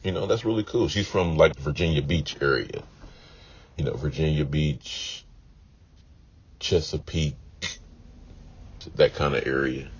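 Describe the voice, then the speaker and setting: Super deep voiced guy just rambling on, lots of "you know", kinda muffled lo-fi audio. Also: unhurried, pauses often, slightly rough. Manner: meandering, repeats himself, many "you know" fillers. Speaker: vlogger. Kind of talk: casual rambling monologue. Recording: dull lo-fi audio with faint noise.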